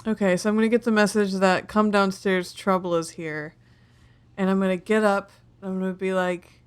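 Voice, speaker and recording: A woman playing a tabletop role-playing game, describing her character's moves with animated energy. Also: medium pitch, normal speed, clear, resonant tone. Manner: animated, narrates her character's actions in first person. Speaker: player. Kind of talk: casual tabletop role-play chat.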